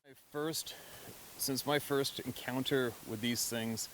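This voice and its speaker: An adult man telling a story in a relaxed, conversational way, with frequent swearing and bursts of laughter. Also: medium pitch, takes it slowly, a little hiss or hum, low-quality recording. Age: adult, past mid-twenties. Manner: conversational, profane, laughs often. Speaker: hunter telling encounter stories. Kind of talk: casual spoken storytelling.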